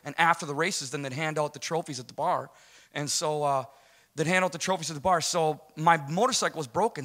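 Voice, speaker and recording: A man's voice: a little high, sharp tone. A man in his forties giving a rambling, self-deprecating personal testimony to a congregation. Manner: rambling, self-deprecating storytelling with many restarts. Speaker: guest speaker giving testimony.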